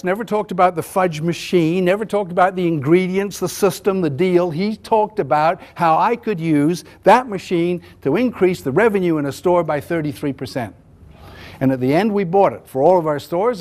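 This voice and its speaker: A middle-aged man from New Zealand giving a business talk, telling stories and acting out the dialogue in a conversational way. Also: a little high. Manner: anecdotal, conversational, acts out dialogue. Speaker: business speaker. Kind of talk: storytelling talk to an audience.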